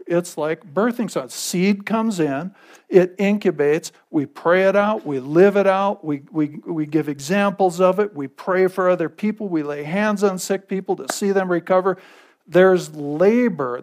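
Man preaching in a fairly high voice. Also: darkish tone. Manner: conversational preaching, repeating phrases and checking in with the audience. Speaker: pastor. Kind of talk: sermon.

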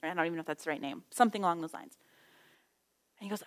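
A middle-aged woman teaching a Bible study in a casual, conversational way, telling stories with lively acted-out quotes. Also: lowish voice, rapid-fire, pauses often.

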